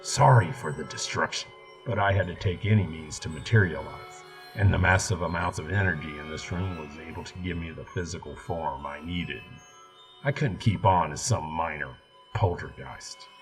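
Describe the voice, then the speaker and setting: A man voicing a gurgling demonic spirit in a bloody boy's body, deep and menacingly polite. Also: moderate pace. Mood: sinister polite. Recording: music bed behind voice.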